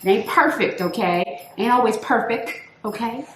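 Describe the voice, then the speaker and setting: A woman's voice: fairly high pitch, normal speed, roomy sound, soft background music. A woman beauty vlogger chatting playfully through a makeup routine, calling her viewers sis. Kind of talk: casual makeup tutorial chat.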